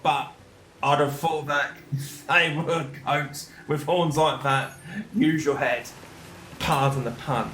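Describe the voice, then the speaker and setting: A man's voice: on the high side, fairly even intonation, slow, a bit bright, slight background noise. A man hosting a gaming channel who gives casual gameplay commentary, chatting, joking and reacting aloud to the game. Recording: echoey room with game music.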